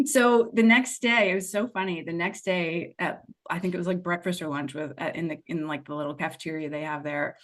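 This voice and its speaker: A woman with a lowish voice, talking as a podcast guest about her own experiences. She tells it candidly and expressively, drifting into asides and acting out what she said to herself. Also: brisk, few pauses. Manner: expressive, digressive storyteller who acts out her past self. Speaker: podcast guest, money mindset and tapping coach. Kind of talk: candid conversational storytelling.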